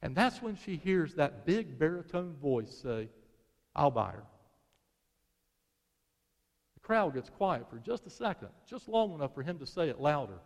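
A male preacher telling a sermon story dramatically, swelling to intensity and then dropping to a hush. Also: fairly high pitch, very animated, normal speed, few pauses. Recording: long reverb of a large hall.

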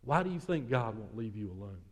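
A male pastor preaching a sermon, telling a story in hushed tones that rise and build, then leading a prayer. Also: on the low side, big pitch swings, brisk, big-room sound.

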